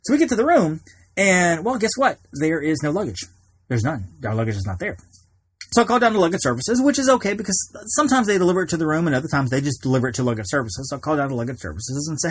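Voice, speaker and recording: Fast-talking husky man telling a story. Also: a little high. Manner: rambling, animated anecdote with many restarts. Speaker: podcast host. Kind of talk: casual storytelling.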